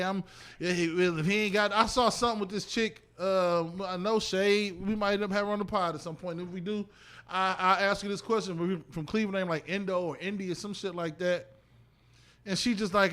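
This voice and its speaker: A man hosting a casual podcast, talking in an animated way and trailing off mid-thought. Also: high voice, normal speed. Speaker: podcast host.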